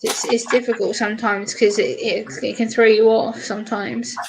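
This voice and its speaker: A woman chatting on a live stream, retelling stories in an animated way with lots of quoted voices. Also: a little high, normal speed, creaky, background noise. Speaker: streamer guest. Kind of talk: casual chat on a live stream.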